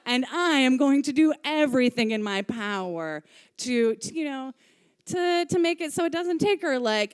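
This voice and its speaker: Smooth-voiced woman telling a story on stage. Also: a little high. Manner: candid, lively, swears casually. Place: stage of a live music venue.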